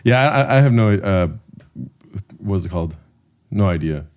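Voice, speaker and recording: A man's voice: fairly low pitch, lively intonation, unhurried, darkish tone. A man co-hosting a casual comedy podcast, asking teasing questions in a dry way. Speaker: podcast co-host.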